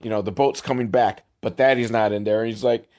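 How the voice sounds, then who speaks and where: A man hosting a sarcastic comedic movie recap, with wry, deadpan asides, casual swearing and chuckles. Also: fairly low pitch, fairly quick. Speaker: show host recapping a film.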